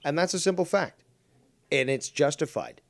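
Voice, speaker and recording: A man hosting a podcast, ranting loudly and with lots of swearing, sometimes mocking other people's voices. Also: fairly high pitch, expressive, moderate pace, no echo. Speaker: podcast host. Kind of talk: heated casual chat.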